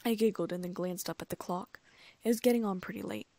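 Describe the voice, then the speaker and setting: A woman narrating a first-person fan fiction audiobook in a lively, amused way, close to the mic. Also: on the low side, fast talker, dry recording.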